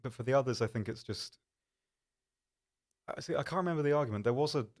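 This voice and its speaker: A stream host chats casually at a quick pace, his medium-pitched voice a bit dark in tone. He rambles and runs himself down, tossing in lots of ums.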